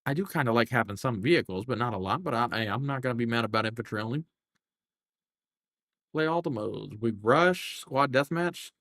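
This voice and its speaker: A man's voice: mid-range voice, lively intonation, fairly quick, fairly bright tone, no room sound. A young man streaming a game live, chatting casually and cursing as he thinks aloud through the menus. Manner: profane, rambling, thinking aloud while scrolling menus.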